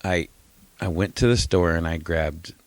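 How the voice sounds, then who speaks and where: A man's voice: low voice, measured pace, slight background noise. A man co-hosting a podcast, telling a rambling story with lots of laughter and acted-out voices. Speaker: podcast co-host. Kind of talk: casual chat.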